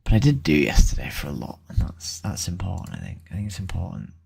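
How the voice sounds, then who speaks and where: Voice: sits low, huge pitch swings, fast talker, vocal fry, a little mellow, breathy edge. A vlogger thinking aloud in a rambling, hesitant way while setting things up on a computer. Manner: rambling, hesitant, trailing off with many ums.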